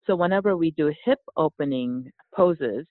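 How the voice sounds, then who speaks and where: A woman, a yoga teacher and author, explaining her ideas in a calm, earnest way as an interview guest. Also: low voice, normal speed, no room sound. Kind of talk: casual interview. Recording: tinny phone-like line.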